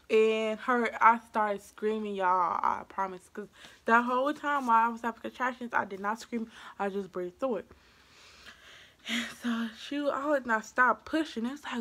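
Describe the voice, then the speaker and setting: A young woman vlogger telling a casual storytime, animated, acting out quoted asides and dropping to hushed whispers at times. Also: fairly high pitch, normal speed.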